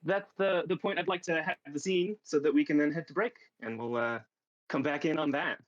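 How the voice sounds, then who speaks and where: A man's voice: fairly high pitch, muffled recording. A man narrating as game master of a streamed tabletop game, stopping often with fillers and restarts. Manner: halting, many fillers and restarts.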